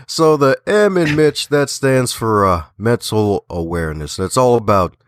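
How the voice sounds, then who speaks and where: A man's voice: medium pitch, lively intonation, normal speed, no echo, clean studio sound. A man from Baltimore with a slight Southern twang, a guest in an interview, talking in an upbeat, folksy way and laughing often. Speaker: guest author and podcaster. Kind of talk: casual interview talk.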